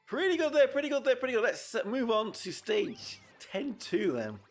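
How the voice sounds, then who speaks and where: A man's voice: very high-pitched, sing-song, moderate pace, faint music behind. A man from the UK, chatting casually and rambling as he streams a game as a VTuber. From United Kingdom. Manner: rambling, chatty, with frequent restarts. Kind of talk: casual gameplay commentary.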